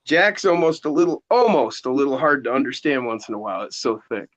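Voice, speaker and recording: A man's voice: mid-range voice, brisk, dull audio. A man chatting casually and joking around on a remote line. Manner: joking, lively. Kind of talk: casual chat.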